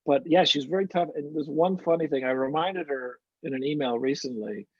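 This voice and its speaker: A man, an actor guest, telling stories in a relaxed interview with lots of restarts. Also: a little high, fairly quick, husky, no room sound. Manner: anecdotal, warm storytelling with frequent restarts. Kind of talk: casual interview chat. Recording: muffled, dry lo-fi audio.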